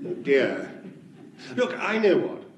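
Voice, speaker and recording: A hesitant, stammering young producer, with a high and lively voice. The room sounds echoey, and an old radio recording hisses loudly behind him. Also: male voice, takes it slowly. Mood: flustered. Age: young adult.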